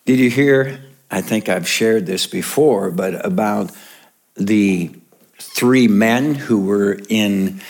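A man's voice: lowish voice, darkish tone. An older man, a pastor preaching a sermon, telling jokes and chuckling as he goes. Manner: slow, jokey storytelling with chuckles.

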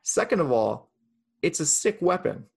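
Gravelly man hosting a chat. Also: a little high, big pitch swings, normal speed. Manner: playful, teasing, runs the list. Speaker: podcast host. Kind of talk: casual fantasy football chat.

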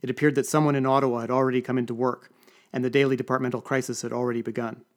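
A man's voice: medium pitch, level tone, very fast. A man narrating an audiobook with dry, wry storytelling. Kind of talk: scripted narration.

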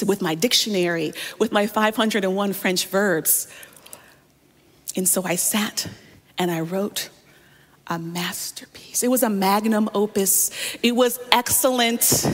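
A woman pastor delivers a sermon as a personal story, often turning to her listeners with direct asides. Her voice sits in a middle pitch for a woman. The sound rings with the long reverb of a large hall. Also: a little slow.

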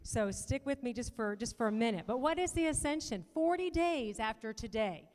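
A woman's voice: a little high, expressive, normal speed, a little mellow. A woman on a church panel, talking casually and joking with the audience. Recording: live in a reverberant church hall.

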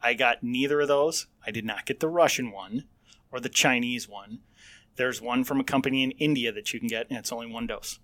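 A man's voice: medium pitch, brisk, fairly bright tone. A middle-aged man co-hosting a podcast, bantering casually and mockingly, laughing often. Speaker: podcast co-host.

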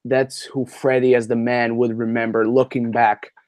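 A young man co-hosting a casual movie podcast, relaxed and swearing freely. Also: medium pitch, moderate pace, no room sound, clean studio sound. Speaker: podcast co-host.

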